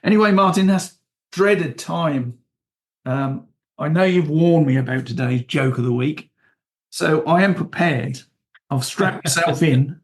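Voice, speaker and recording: A man's voice: a little high, measured pace. A man co-hosting a casual podcast in a kitchen, upbeat with playful teasing. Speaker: podcast co-host. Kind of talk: casual chat. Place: home kitchen.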